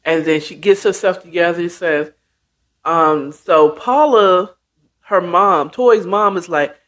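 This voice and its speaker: A woman's voice: lowish voice, a bit bright. A woman hosting a show and casually retelling a book chapter, chatty with many asides. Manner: slow, chatty, full of asides. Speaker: host. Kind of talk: casual storytelling recap.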